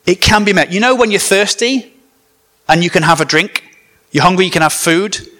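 A man's voice: sits high, normal speed, bright, forceful tone. A man from the north of England preaching a sermon in a conversational, joking way, with asides to the congregation. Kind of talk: sermon with comic storytelling.

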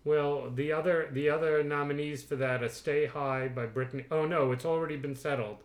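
A man's voice: a little high, steady tone, a little fast. A man co-hosting a casual family podcast, reading out award results in a rambling way. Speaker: podcast co-host. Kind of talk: casual chat. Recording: roomy echo.

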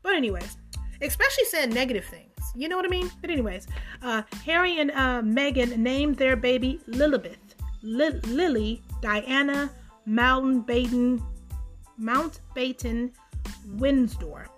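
A woman's voice: sits high, a little slow, fairly bright tone, faint music behind. A woman hosting a podcast, reading out news and reacting bluntly and indignantly, swearing freely. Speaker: podcast host. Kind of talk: casual news commentary.

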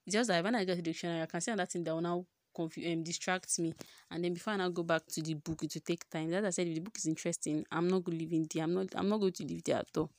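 A woman's voice: lowish voice, steady tone, racing, darkish tone, no echo. A young woman with a Nigerian accent hosting a casual solo podcast, chatty and joking, full of rhetorical questions. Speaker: podcast host.

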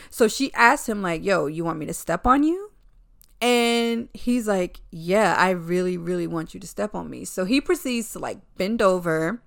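A woman's voice: mid-range voice, gravelly. A woman recapping a film in a casual, candid and profane chatty way.

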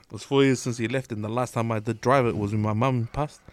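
A man's voice: medium pitch, steady tone, quick pace, no room sound. A man, co-hosting a casual podcast chat in laid-back slang. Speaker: podcast co-host.

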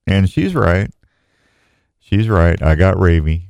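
A man's voice: low-pitched, very animated, slow pace, creaky, a little mellow, no echo, lo-fi sound. A middle-aged man hosting a radio show, talking in a folksy, rambling way. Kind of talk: casual radio talk.

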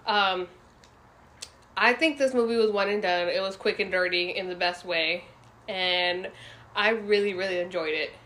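Rich: A woman with a bright, forceful voice of middle pitch co-hosts a relaxed podcast chat. She talks bluntly, swears freely and laughs a lot as she gives her views. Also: normal speed. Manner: blunt, profane, laughs often. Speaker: podcast co-host. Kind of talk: casual chat.

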